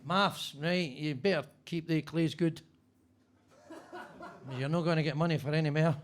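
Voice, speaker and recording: A man's voice: on the high side, steady tone, moderate pace, slight background noise. A man doing stand-up crowd work in a basement comedy club, teasing audience members and swearing freely.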